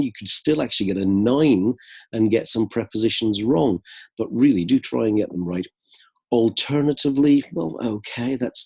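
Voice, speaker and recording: A man giving a brisk, corrective lesson on an essay, reading lines aloud and commenting on the mistakes. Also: on the low side, darkish tone, husky. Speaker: English writing tutor.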